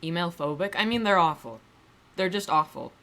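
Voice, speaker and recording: A woman's voice: on the low side, expressive, normal speed, a bit bright. A woman talking loosely to her stream audience in a casual, self-deprecating way. She drifts mid-sentence, restarts her thoughts, and drops the odd swear word. Her tone stays dry and joking. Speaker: livestreamer. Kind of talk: casual livestream chat.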